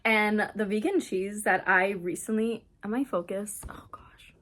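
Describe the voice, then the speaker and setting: A young woman talks to her camera in a casual book vlog, chatty and excitable, with "like" in nearly every sentence. Her pitch sits in the middle range for a woman. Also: a little slow. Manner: chatty, excitable retelling full of "like". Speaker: book vlogger. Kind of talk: casual reading vlog chat. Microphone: camera on a stand, not handheld.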